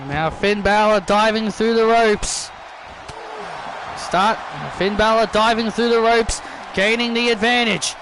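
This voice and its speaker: Guy rambling thru game commentary, kinda high voice, slow, loud game noise behind. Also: a crowd in the background. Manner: rambling, repeats himself, excitable. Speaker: channel host, video game commentator. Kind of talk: casual play-by-play commentary.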